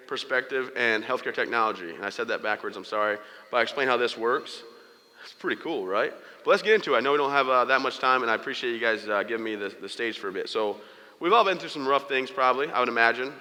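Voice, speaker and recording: A man tells his own story to an audience in a candid, joking manner. He talks quickly, and his voice sounds bright and forceful. The sound carries the long reverb of a large event hall. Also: medium pitch. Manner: candid, joking, acts out quoted dialogue. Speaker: motivational speaker. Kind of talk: personal storytelling speech to an audience.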